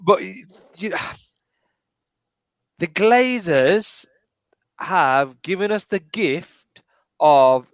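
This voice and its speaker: Smooth-voiced man on a dull line. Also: high voice, animated, extremely slow, pauses often, dry recording. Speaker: podcast co-host. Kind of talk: casual football podcast chat. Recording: dull dry lo-fi sound.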